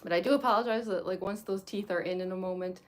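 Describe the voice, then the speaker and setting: A woman's voice: medium pitch, fast, a little hiss or hum. A young woman chatting casually while she gets into costume, rambling with lots of fillers and restarts, and later talking with a slight lisp from costume teeth. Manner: rambling, many fillers and restarts, chuckles often. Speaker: cosplayer livestream host.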